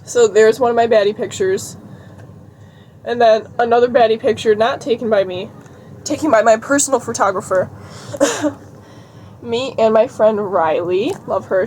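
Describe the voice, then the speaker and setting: She's a young woman on a casual vlog, talkative and giggly, reading a list out loud. Her voice is on the high side with a darkish tone, at normal speed, and slight background noise is present.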